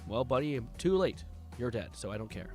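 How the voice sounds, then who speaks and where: A man's voice: medium pitch, very animated, a little fast, a little mellow, soft background music. Sarcastic young man reacting on stream. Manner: sarcastic, mocking asides. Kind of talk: live-stream reaction while reading documents aloud.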